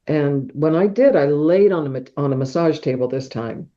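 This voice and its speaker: Middle-aged woman, mellow voice, animated storyteller. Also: deep voice, normal speed. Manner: animated storyteller who acts out sounds like whooshes and claps. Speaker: podcast guest. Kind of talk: personal storytelling in an interview. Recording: dull, muffled podcast audio.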